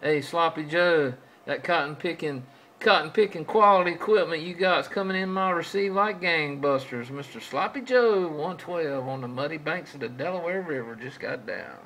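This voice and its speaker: A man's voice: fairly high pitch, moderate pace, a bit bright, slight background noise, poor audio. A man trading folksy CB radio chatter with other operators, drawing out his calls and repeating his stock phrases.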